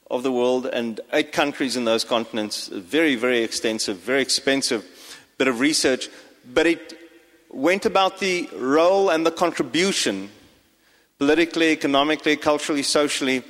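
A man's voice: mid-range voice, a bit bright. A pastor giving a sermon to his congregation, talking with frequent fillers and restarts. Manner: hesitant, many fillers and restarts. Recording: long hall reverb.

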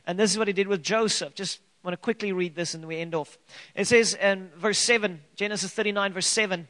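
A man with a high-pitched voice preaches a sermon to his congregation. He speaks earnestly and with emphasis, piling up rhetorical questions and drawing out key phrases. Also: steady tone, brisk, fairly bright tone. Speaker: pastor.

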